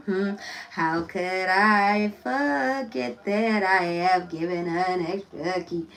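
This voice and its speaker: A woman's voice: mid-range voice, expressive, slow, vocal fry, a bit bright, far from the mic, a little hiss or hum, low-quality recording. A woman doing a casual tarot reading, loose, chatty and blunt, swearing freely and laughing often. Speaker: tarot reader.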